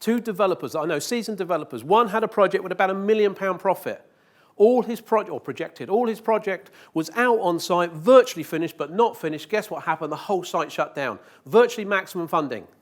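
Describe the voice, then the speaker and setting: A man's voice: high voice, animated, fairly quick. A man giving a live conference presentation, joking with the audience and asking rhetorical questions. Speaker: conference speaker. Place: conference hall.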